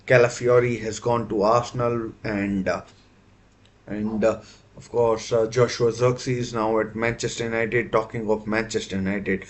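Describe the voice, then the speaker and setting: A man hosting a live football watchalong stream, talking casually with many fillers and self-corrections. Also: on the low side.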